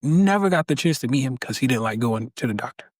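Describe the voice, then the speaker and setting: Animated storytelling man with a preacher feel, bouncy pitch, dry close mic. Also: fast talker, dry recording. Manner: emphatic, draws out key words. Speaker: podcast guest.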